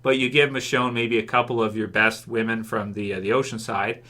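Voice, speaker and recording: A man's voice: fairly low pitch, level tone, fairly quick, sharp tone. A man giving a casual video review of a TV episode, rambling with lots of fillers and restarts and chuckling as he goes. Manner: chuckles often while talking. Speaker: TV show reviewer.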